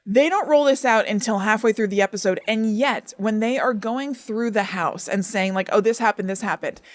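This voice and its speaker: A woman co-hosting a podcast, talking in a casual, animated and incredulous way. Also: mid-range voice, normal speed, no room sound. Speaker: podcast co-host. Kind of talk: casual chat.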